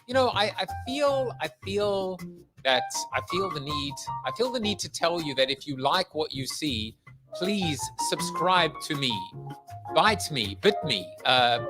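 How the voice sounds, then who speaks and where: Energetic South African man with music behind. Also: medium pitch. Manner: energetic, rambling, joking, many fillers. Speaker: podcast host. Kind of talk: casual show introduction.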